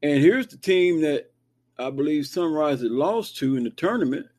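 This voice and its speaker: A man's voice: on the high side, animated, moderate pace, a little mellow. A man hosting a casual sports talk show, reading down a rankings list with chatty asides. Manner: conversational, reads list with asides. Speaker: show host. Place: Kansas, near Wichita.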